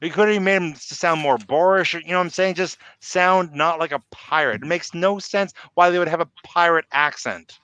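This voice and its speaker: A man co-hosting a fan podcast, his voice bright and smooth. He talks in an animated way and often repeats his opening words. The sound is dry, with little room around it. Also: a little high, moderate pace, hardly any pauses, no room sound. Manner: animated, repeats words when starting sentences. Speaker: podcast co-host. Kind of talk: casual fan podcast chat.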